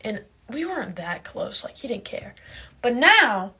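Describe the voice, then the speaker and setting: A young woman doing a casual, sarcastic comedic monologue, animated and quick to laugh. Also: fairly high pitch, slightly rough. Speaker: comedic creator.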